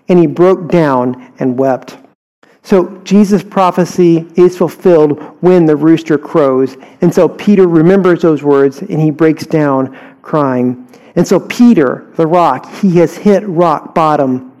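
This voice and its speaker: Brief: Texan man teaching scripture, easygoing, mellow voice, slightly higher pitch. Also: a little slow, low-quality recording. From Houston, Texas. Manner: conversational, asks listeners rhetorical questions. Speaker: Bible teacher. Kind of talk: verse-by-verse Bible teaching.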